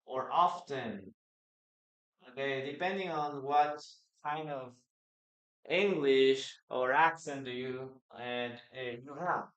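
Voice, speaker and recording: A man teaching a live online English class, slowly repeating words and sentences so students can practice pronunciation. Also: fairly high pitch, smooth. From Peru. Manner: slow, patient, repeats words for pronunciation drills.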